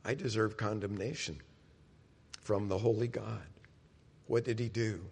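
A man's voice: fairly low pitch, steady tone, measured pace, gravelly, darkish tone, breathy edge. A middle-aged man preaching a sermon as pastor, talking conversationally and speaking directly to the congregation. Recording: long hall reverb.

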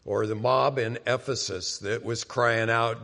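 A man preaching a sermon as pastor, explaining scripture in a conversational teaching manner and acting out quoted lines with sudden loud bursts. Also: medium pitch, steady tone, slow pace, few pauses.

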